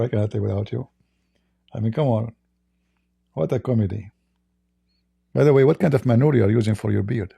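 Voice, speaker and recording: A man's voice: medium pitch, brisk, creaky, pauses often, mellow, husky. A man with an Arabic accent speaking to viewers as an online religious debater, sarcastic and repetitive, with stammering restarts. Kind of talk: addressing viewers in a stream.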